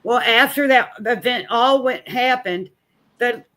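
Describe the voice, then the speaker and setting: A middle-aged woman, a guest telling her own story as the mother of a missing son. She talks in a folksy way and acts out both sides of each exchange, and her voice drops low and soft when it turns painful. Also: unhurried. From Missouri. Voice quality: plain-spoken, folksy. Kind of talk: candid personal storytelling.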